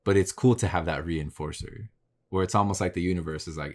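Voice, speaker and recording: Deep-voiced man musing candidly. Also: a little fast. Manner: candid, profane, self-reflective. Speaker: podcast host. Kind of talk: casual solo podcast monologue. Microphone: podcast mic facing camera.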